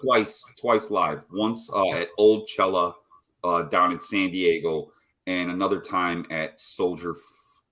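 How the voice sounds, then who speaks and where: A man's voice: low voice, steady tone, takes it slowly, sharp tone. A man chatting casually on a live stream, rambling and swearing constantly as he tells stories. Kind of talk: casual chat. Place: home, rolling a cigarette.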